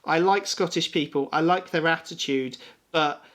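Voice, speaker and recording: A man's voice: on the high side, normal speed, a bit bright. A man co-hosting a music podcast, talking in a loose, rambling and sweary way after a few drinks. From England. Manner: rambling, sweary, a little tipsy. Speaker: podcast co-host. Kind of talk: casual chat.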